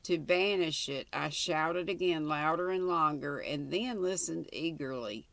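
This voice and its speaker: An older woman reading a ghost story aloud in a measured way, with occasional small slips. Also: low voice, vocal fry, a bit bright, no echo. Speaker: channel host, story reader.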